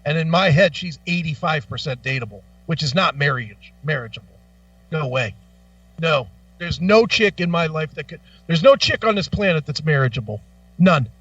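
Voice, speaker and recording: A man co-hosting a radio talk show, telling stories with lots of profanity in a lively, animated way. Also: a little high, normal speed, no echo, far from the mic, highs cut off, soft background music. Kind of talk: casual chat. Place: radio studio.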